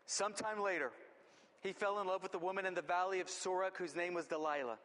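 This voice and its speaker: A man delivers a sermon in a high, earnest voice, talking through scripture as if chatting with his congregation. He stumbles and restarts now and then. The sound carries a long hall reverb. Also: fairly bright tone. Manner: earnest, conversational preaching with repeated restarts. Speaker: pastor.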